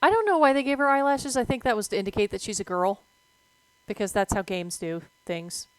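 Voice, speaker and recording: A woman streamer chats casually about veterinary topics as she plays a game. She moves between relaxed explaining and excited yelps at what happens on screen. Her voice sits at a middle pitch with a dry sound. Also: fairly quick, smooth, dry recording, rough recording. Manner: chatty, jumps between calm talk and excited yelps at the game. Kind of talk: casual gameplay commentary.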